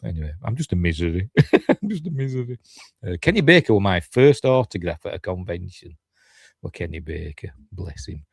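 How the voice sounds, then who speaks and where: A man's voice: sits low, big pitch swings, fairly quick, creaky, husky, no room sound, studio quality. A tired man with a Yorkshire accent hosting a casual live stream, rambling and self-deprecating with chuckling asides. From Yorkshire, England. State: tired, yawning. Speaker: YouTube host.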